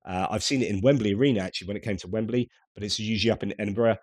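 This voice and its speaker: A man's voice: fairly low pitch, very fast, a little mellow, dry recording, studio quality. A middle-aged man from the United Kingdom giving casual news commentary in a conversational way, with wry asides.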